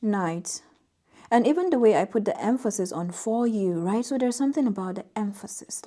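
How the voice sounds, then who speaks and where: A woman doing a tarot reading to her viewers, speaking softly and leaning gently into key words. Her voice is mellow and warm, pitched in a middle range for a woman. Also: animated, moderate pace. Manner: soft-spoken, reads oracle card text aloud with gentle emphasis. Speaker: tarot reader. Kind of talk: intuitive tarot reading to camera.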